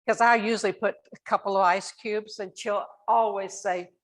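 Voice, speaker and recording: A woman's voice: medium pitch, steady tone, normal speed, low-quality recording. An older woman, a nurse, telling families stories from her own life and acting out the dialogue. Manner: warm anecdotal, acts out dialogue. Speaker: nurse and dementia specialist. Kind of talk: storytelling talk to families.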